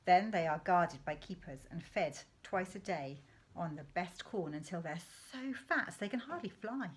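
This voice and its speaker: A woman's voice: lowish voice, animated, measured pace. A woman reading aloud as a mischievous, conspiratorial middle-aged father in a storybook, with a relishing, confiding tone. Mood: scornful. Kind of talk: read-aloud storybook dialogue.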